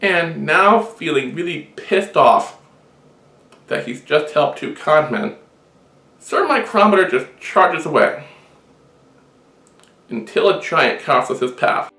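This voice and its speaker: A man telling a long shaggy-dog joke with deadpan storytelling. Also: fairly high pitch, slow, pauses often. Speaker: joke teller. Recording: roomy echo.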